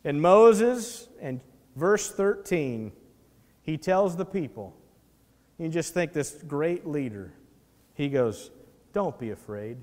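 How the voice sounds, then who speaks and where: A man preaching a sermon as pastor, animated and acting out the voices in the scripture he reads. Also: fairly high pitch, long reverb tail.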